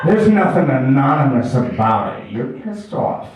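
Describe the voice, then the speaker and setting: Rowdy stand-up comic, echoey room. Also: male voice, medium pitch, big pitch swings, unhurried, over a noisy crowd. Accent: American. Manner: rowdy, shouting and singing when ranting as himself. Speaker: stand-up comedian. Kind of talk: stand-up routine at a house party. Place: house party living room. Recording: very echoey room, far from mic.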